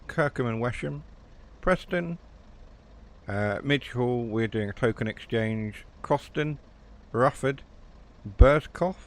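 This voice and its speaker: A man with a West Country English accent, chatting casually and rambling as he streams a train game, mocking himself now and then. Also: on the low side. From South West England. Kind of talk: casual live game commentary.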